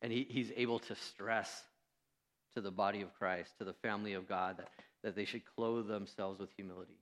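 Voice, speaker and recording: A man's voice: fairly low pitch, steady tone, a little fast, a bit bright. A man preaching a sermon as pastor, in a conversational way, joking at his own expense and acting out the lines of the people in his story. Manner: conversational, self-deprecating, with fillers and acted-out quotes. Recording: preached in a reverberant church hall.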